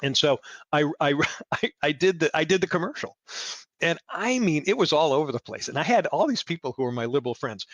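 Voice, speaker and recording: A man in his sixties, a podcast guest, telling stories in a lively way and acting out what people said. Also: fairly quick, dry recording. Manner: animated, acts out quoted exchanges in a higher voice. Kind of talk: storytelling interview chat.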